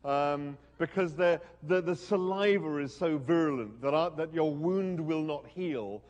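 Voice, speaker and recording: A man's voice: fairly high pitch, a little slow, a little mellow, muffled recording. A man giving a talk at a university event and reading aloud, wry and hesitant, with many ums and restarts. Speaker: guest speaker.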